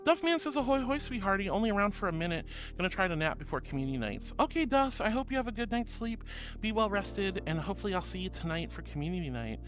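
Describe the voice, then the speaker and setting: A male VTuber streamer reading out chat messages and thanking viewers in a gentle, affectionate way, calling them honey and sweetie. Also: high voice, very animated, quick pace, soft background music.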